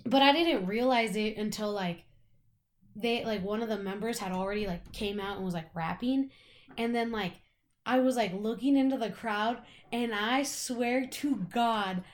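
A woman's voice: a little high, normal speed. Chatty young woman telling a rambling story. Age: young adult. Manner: rambling storytelling, full of "like" and swearing. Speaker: podcast co-host. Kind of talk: casual chat.

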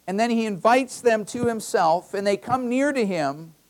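A man's voice: high-pitched, expressive, moderate pace. Male pastor preaching a conversational sermon. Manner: conversational preaching with personal anecdotes; emphatic, repeats key phrases. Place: church.

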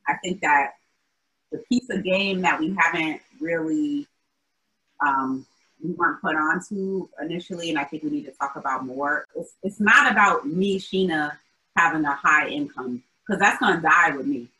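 A woman from Albany talks as a guest in a casual interview. Her voice sits low, with a bright, forceful edge. She thinks aloud and restarts her sentences, speaking earnestly about her views. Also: normal speed, low-quality recording. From Albany, New York. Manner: thoughtful, earnest, with many restarts.

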